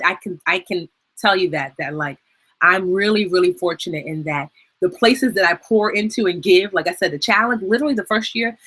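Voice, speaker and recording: A woman's voice: on the low side, bright, forceful tone, slightly rough. A woman hosting a casual live-stream Q&A about personal finance, talking in a chatty, emotional way and sometimes laughing through tears. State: tearful, crying at times. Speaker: personal finance educator and host.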